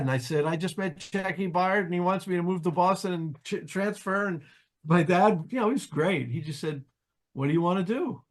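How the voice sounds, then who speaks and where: Older male guest, slightly high voice, chatty storyteller, restarts a lot. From New Jersey, US. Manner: animated anecdotes, acts out quoted voices, frequent restarts. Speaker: interview guest, jazz pianist. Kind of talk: casual storytelling.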